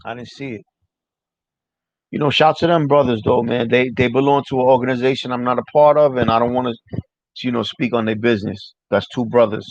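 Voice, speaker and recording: A man's voice: mid-range voice, steady tone, fast talker, no room sound. Profane, rambling New man. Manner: loose, profane, rambling, answers chat. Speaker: livestream host. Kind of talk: casual livestream chat. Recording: dry, dull lo-fi mic.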